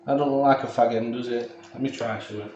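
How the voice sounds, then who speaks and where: A man's voice: medium pitch, fairly even intonation, fast talker, muffled recording. A man hosting a live cooking stream, chatting to viewers in a rambling, jokey way and often repeating himself. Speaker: cooking livestream host. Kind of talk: casual live cooking chat. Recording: echoey room, voice far from the mic, faint noise.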